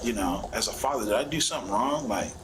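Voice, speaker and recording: A man's voice: fairly low pitch, animated, fast talker, low-quality recording. Man, father, casual slang, emotional retelling, background music. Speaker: father of a suspect. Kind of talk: police interview.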